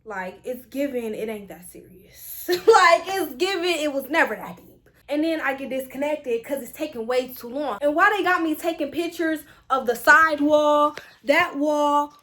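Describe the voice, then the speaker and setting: A young woman with a high, bright-sounding voice tells a casual storytime to her viewers. She talks in an animated, exasperated way, leaning on slang as she vents. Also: moderate pace. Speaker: vlogger.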